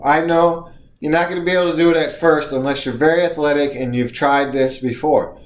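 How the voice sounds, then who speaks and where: A man's voice: on the high side, fairly even intonation, fairly quick, roomy sound. A man coaching viewers through breathing exercises in an encouraging, instructional way. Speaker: speaking coach. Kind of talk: instructional video lesson.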